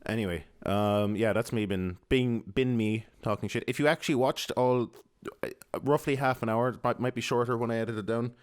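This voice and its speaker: A man's voice: mid-range voice, steady tone, fairly quick, smooth, no room sound, clean studio sound. A young Irish man rambling to his podcast at home, mumbling and swearing, with many fillers. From Ireland. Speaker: podcast host. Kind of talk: casual rambling monologue. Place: home apartment.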